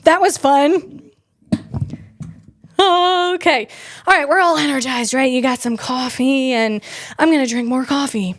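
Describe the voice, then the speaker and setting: A woman's voice: high voice, moderate pace, fairly bright tone, no echo. A woman hosting a casual tech comedy podcast, rambling and self-deprecating as she tells personal stories. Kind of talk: casual solo podcast chat.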